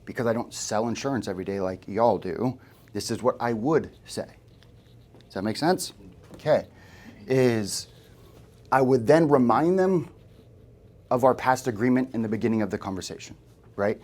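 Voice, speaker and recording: A man's voice: medium pitch, expressive, normal speed, long pauses, darkish tone. A man giving a live sales training to a room of agents, talking casually and often checking in with questions to the group. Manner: conversational, asks the room questions.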